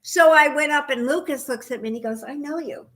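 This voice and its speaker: Animated chatty woman telling stories. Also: sits high, quick pace. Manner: animated storyteller, acts out voices. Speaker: podcast co-host. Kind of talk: casual chat.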